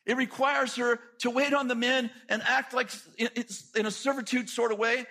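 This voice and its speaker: A middle-aged man preaching a sermon, telling stories with lively asides and quick jokes. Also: very high-pitched. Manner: animated storytelling with quick asides.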